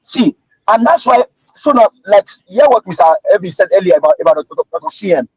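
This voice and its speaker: A Nigerian man calls into a livestream in a high, husky voice. He keeps repeating and restarting his words. The call sounds dull and dry. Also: very animated, fairly quick, darkish tone, no echo. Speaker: caller.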